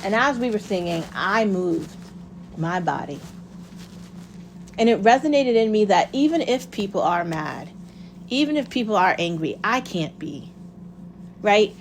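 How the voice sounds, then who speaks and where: A woman's voice: mid-range voice, expressive, a little slow, long pauses, slight background noise. A woman talking straight to camera in a casual monologue, impassioned and blunt, swearing freely and asking herself rhetorical questions. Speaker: vlogger.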